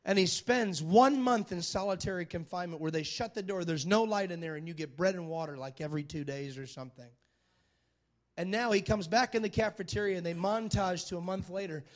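A man's voice: high-pitched, brisk. A man preaching a sermon who retells a film story with dramatic energy, repeats phrases for emphasis and keeps asking the listeners whether they are following him. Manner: animated, dramatic storyteller who asks the crowd for agreement.

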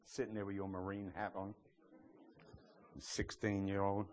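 A man's voice: low voice, completely flat delivery, measured pace, a little mellow, a little hiss or hum. A man preaching a sermon as pastor of a church, in a humorous, emphatic style. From outside the US.

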